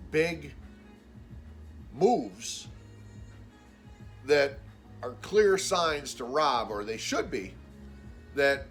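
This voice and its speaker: A man telling a story in a casual vlog, blunt and exasperated, swearing freely and acting out what other people said. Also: fairly bright tone. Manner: acts out quoted people with raised pitch. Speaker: vlogger.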